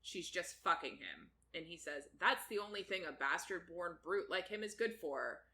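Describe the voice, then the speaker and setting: A woman's voice: lowish voice, very animated, normal speed, bright, forceful tone. A woman co-hosting a podcast, chatting casually as she recaps a book, laughing often and swearing freely. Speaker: podcast co-host.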